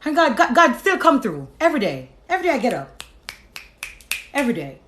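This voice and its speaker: A high-voiced woman tells her testimony in a loose, blunt monologue, swearing freely. Her pitch swings widely as she stresses words. She drops lower when she acts out what she said to God. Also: huge pitch swings, fairly quick, a bit bright, slight background noise. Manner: emphatic and profane, acts out conversations with God in lower tones. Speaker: storyteller sharing her testimony. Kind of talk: casual monologue to an audience.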